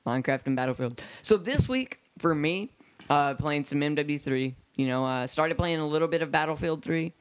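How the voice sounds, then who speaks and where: A man's voice: fairly high pitch, expressive, normal speed, smooth, no echo. A man co-hosting a casual gaming podcast, his speech hampered by metal in his mouth, rambling with lots of ums and uhs. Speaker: podcast co-host.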